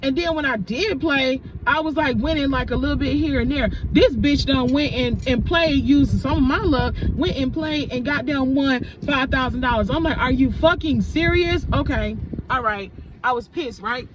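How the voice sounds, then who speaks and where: A woman's voice: high voice, normal speed. A woman ranting animatedly to camera in a casual storytime vlog, swearing freely as she talks. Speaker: vlogger. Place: indoors, filming herself. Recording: slightly dull lo-fi audio with clear background noise.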